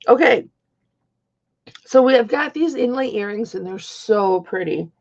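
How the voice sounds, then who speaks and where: A woman's voice: a little high, lively intonation, a little slow, pauses often, darkish tone. A woman in her fifties hosting a live-stream jewelry sale, chatting with viewers by name as she shows each piece. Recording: dull lo-fi stream audio.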